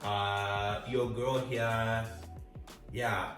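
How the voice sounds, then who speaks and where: A man from Zimbabwe tells a story in a loose, chatty, self-mocking way. He sounds distant in a very echoey room, with soft music running underneath. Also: on the low side, little pitch movement, very slow. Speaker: vlog co-host. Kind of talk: casual storytelling.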